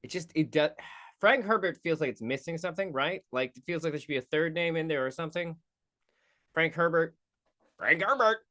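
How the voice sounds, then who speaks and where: Brisk and fairly high-pitched with a somewhat bright tone, the American host of a casual one-man film review podcast rambles goofily and keeps interrupting himself.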